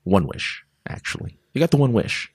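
A man's voice: mid-range voice, big pitch swings, normal speed, a little mellow, slightly rough, dry recording, voice pushed up. A man voicing a chatty male genie who keeps adding caveats and taking back wishes. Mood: backpedaling. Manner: hedging, talks over himself with caveats. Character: wish-granting male genie, chatty and backpedaling.

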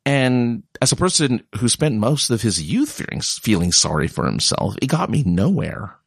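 A man's voice: mid-range voice, big pitch swings, normal speed, vocal fry, breathy edge, dry recording, studio quality. A young man talking casually in a rambling way and mocking other people's voices when he quotes them. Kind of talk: casual monologue.

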